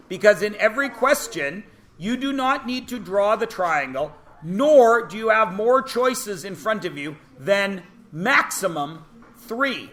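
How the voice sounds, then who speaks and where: A male math teacher with a high, bright voice, lecturing a class in a classroom. He talks briskly and teases his students, and he keeps checking in with rhetorical questions. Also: lively intonation.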